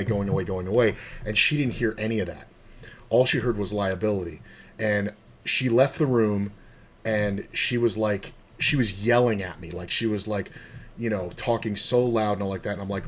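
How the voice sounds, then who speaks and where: Male poker streamer, low voice, rambling and profane, faint hiss and typing behind him. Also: brisk. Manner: swears freely, rambling, mutters to himself. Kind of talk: casual live-stream commentary and storytelling.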